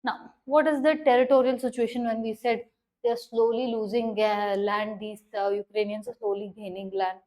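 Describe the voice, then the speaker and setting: A high-pitched woman delivers a current affairs lesson. She stresses key words and keeps asking listeners if they are following along. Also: level tone, normal speed, darkish tone, rough recording. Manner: repeats checks like "understanding?" and "okay", stresses key words. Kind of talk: explanatory lecture on current affairs.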